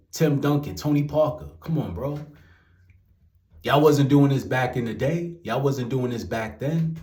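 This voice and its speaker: A man's voice: medium pitch, mellow. Young New guy, exasperated profane rant, roomy echoey room. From New York. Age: young adult. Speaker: commentary vlogger. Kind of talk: ranting commentary. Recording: roomy echo.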